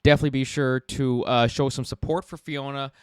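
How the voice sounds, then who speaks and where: Guy hosting a podcast, smooth clear voice, kinda high for a guy, dry close sound, lots of uh and like. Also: fairly even intonation, a little fast, no echo. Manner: enthusiastic, many fillers like uh and like. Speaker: podcast host. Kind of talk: casual interview chat.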